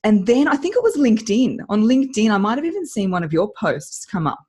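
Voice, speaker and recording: An Australian woman, a voice coach, chatting as an interview guest and telling her story in an animated way with frequent laughs. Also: mid-range voice, fast, breathy edge. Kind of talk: casual interview chat.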